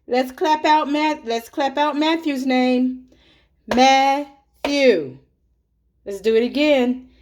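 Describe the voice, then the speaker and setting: Slow, clear-spoken woman teacher for small children. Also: sits high, a little mellow. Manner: slow and deliberate, counting and clapping out names for small children.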